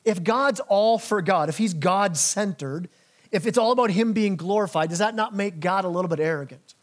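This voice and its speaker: In his animated preaching, a male pastor plays biblical figures using casual, modern speech. On the important lines he gets low and slow.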